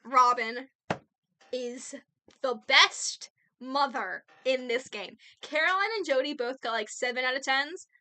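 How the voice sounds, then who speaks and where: A woman's voice: high voice, unhurried, sharp tone. A woman giving casual, opinionated commentary on a video game, ranting bluntly and playfully with frequent laughs. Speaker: gaming video creator.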